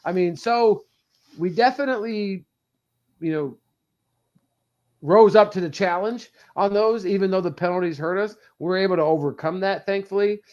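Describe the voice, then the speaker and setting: A man co-hosting a sports podcast, talking fast and heatedly as a fan in casual chat. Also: sits high, highs cut off. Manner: animated, ranting fan, quick bursts. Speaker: podcast co-host.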